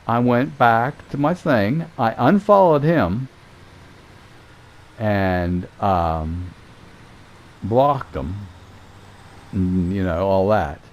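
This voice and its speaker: A man's voice: lowish voice, drawn-out words, pauses often. A man, a gaming streamer telling a rambling, profane story and acting out each exchange. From Southern United States. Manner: animated, swears freely, acts out quoted exchanges.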